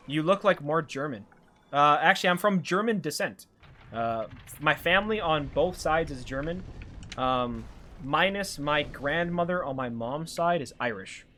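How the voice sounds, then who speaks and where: A man's voice: on the high side, bright, forceful tone, slight background noise. A young man from Alberta with a light Canadian accent, casually chatting with his stream chat while playing a game and reading questions aloud. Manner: rambling, reads chat aloud and answers it. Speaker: live-streamer.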